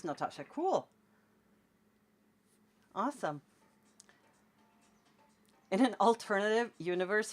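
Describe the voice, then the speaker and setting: A Scandinavian woman in her forties, a tattoo artist chatting with viewers on a late-night live stream while painting at home. She rambles and encourages, with lots of "like.". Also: mid-range voice. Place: at home in a cold room, painting.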